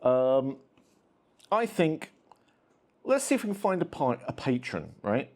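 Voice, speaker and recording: Lively man chatting over a tabletop game. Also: mid-range voice, unhurried. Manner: chatty, talks to his cats while rolling dice. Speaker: host playing a solo tabletop wargame. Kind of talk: casual play-through commentary.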